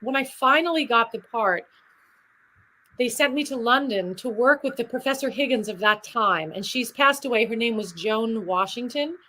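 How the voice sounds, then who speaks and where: A middle-aged woman, a guest performer, telling stories in an animated, chatty interview. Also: on the high side, normal speed, slight background noise, low-quality recording. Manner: animated, chatty, drifts into demonstrations. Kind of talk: lively interview storytelling.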